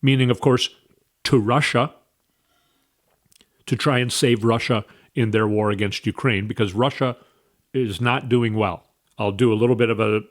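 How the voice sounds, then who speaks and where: Man, middle pitch, political commentary vlog, scornful, opinionated, rambling asides. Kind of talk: casual opinion monologue.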